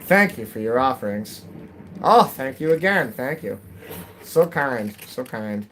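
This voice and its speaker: A man's voice: mid-range voice, lively intonation, unhurried, a bit bright, slight background noise. A man from New England chatting casually with his viewers while gaming, rambling from topic to topic and laughing often. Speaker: live streamer.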